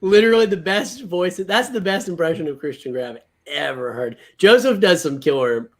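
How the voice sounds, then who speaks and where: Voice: medium pitch, animated, moderate pace. A livestream host chatting casually about comics and films, thinking aloud. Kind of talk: casual chat.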